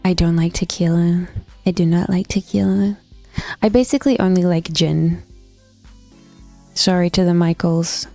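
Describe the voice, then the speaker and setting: Young woman streamer, low mellow voice, blunt, sweary casual chat. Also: moderate pace, creaky, pauses often, no room sound, faint music behind. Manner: blunt, swears freely, laughs between stories.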